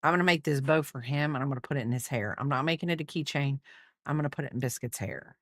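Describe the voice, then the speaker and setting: A woman with a low voice chats casually while crocheting, teasing and fussing over her dog. She rambles and restarts her sentences. The sound is dry and close. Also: fast, a bit bright, dry recording. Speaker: crochet streamer.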